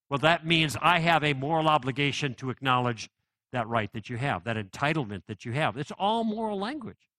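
Bright, forceful male lecturer. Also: on the high side, no room sound. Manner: conversational and persuasive, with rhetorical questions. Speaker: Christian apologetics speaker. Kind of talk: live apologetics lecture.

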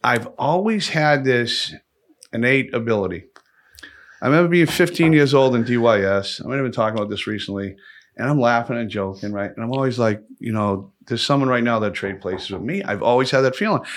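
A man's voice: mid-range voice, brisk. Rambling, swearing male podcast host. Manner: rambling storyteller, swears freely. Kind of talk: casual podcast chat.

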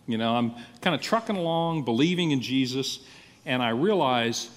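A male pastor preaching a sermon, telling his story in a lively, animated way and acting out his own thoughts. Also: mid-range voice, moderate pace, in a large hall.

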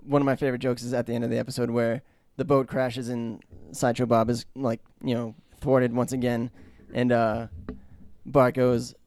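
Hesitant man with a gravelly voice. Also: medium pitch, flat delivery, normal speed, darkish tone, no room sound. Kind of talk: casual chat.

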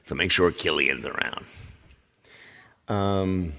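Low, gravelly man hosting a casual live stream, lively and joking, with long roomy reverb. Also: moderate pace. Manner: joking, rambling, playful. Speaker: live stream singer host.

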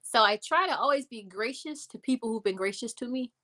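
Yeah so a woman chatting in an interview, animated storytelling, bright forceful voice. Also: a little high, a little fast. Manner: animated, acts out quoted voices. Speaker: interview guest. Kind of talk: casual storytelling.

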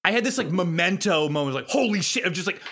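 A man's voice: high-pitched, expressive, fast talker, a bit bright. A man in his thirties, a podcast guest, telling a rambling, self-deprecating story with frequent laughter in casual chat.

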